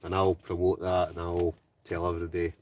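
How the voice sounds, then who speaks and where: A man's voice: low-pitched, monotone, fairly quick, a little mellow, recorded from a distance. A Scottish man hosting a live stream from inside a hot tent, chatting casually and reading out viewer comments, often ending lines with "right?". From Scotland. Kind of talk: casual live-chat banter.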